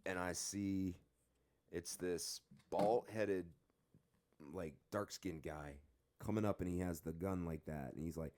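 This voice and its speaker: A man's voice: sits low, fairly even intonation, slow, warm tone, dry recording. A young man casually telling a story about himself, swearing often and laughing at himself. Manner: profane, rambling, laughs at himself. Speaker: vlogger.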